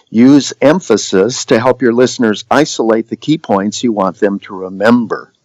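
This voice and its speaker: A man teaching voice and communication skills in a measured, demonstrative delivery, pausing deliberately between points. His voice sits a little low. The recording is dry and close, with no room sound. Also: a little mellow, no echo, poor audio. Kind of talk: scripted instructional narration.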